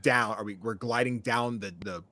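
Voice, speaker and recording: A man's voice: lowish voice, bright, forceful tone. A man playing a tabletop game, asking rule questions and speaking for his character. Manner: quick, asks rule questions. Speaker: player. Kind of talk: tabletop role-play.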